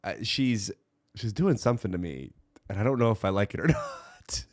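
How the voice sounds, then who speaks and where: A man's voice: lowish voice, huge pitch swings, moderate pace, heavy background noise. A man hosting a music reaction video, musing and hesitant, easily spooked. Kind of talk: casual reaction commentary. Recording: loud music playing underneath. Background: loud music.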